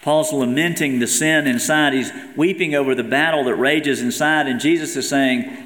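A man preaches a sermon in a church sanctuary, his earnest delivery lifting whenever he reads scripture aloud. His voice sits at a middle pitch for a man. The room around him is roomy, with a long reverb trailing each phrase. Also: normal speed, few pauses, fairly bright tone. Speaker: pastor. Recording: echoey hall with long reverb.

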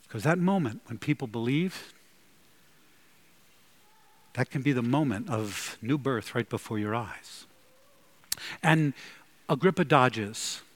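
Animated man preaching a lively sermon. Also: medium pitch, slow, pauses often. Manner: animated, emphatic preaching with sudden loud bursts. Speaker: pastor.

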